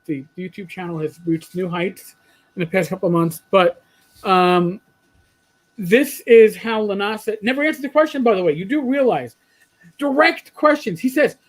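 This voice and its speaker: A man's voice: high-pitched, poor audio. A man from New York with a New York accent, co-hosting a casual live-stream chat and reading out comments. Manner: chatty, trailing off and restarting, reading out comments. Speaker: co-host.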